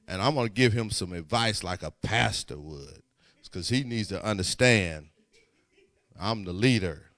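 A man preaching, telling a story in a sermon, swinging from quiet asides to shouting. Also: fairly low pitch, animated, measured pace. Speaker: pastor.

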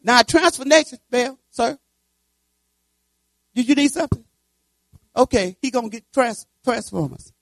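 A woman in her seventies preaching, telling a folksy personal story and breaking into fervent shouts of praise. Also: on the high side, lively intonation, normal speed, gravelly, long pauses, no echo, poor audio. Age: 70s. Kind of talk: sermon testimony and prayer.

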